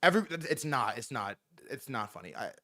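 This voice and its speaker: A young man doing casual livestream commentary, excitable, swearing often, repeating himself and talking straight to his chat. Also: medium pitch, a little fast. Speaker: streamer reacting to news.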